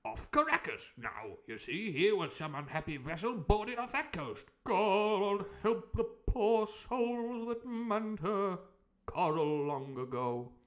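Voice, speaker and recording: A bright, excitable country doctor, put on by a man reading aloud, who pushes his voice high and a little strained. He explains himself briskly and eagerly, with a hollow, oddly distant tone. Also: exaggerated voice. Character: excitable educated middle-aged male country doctor.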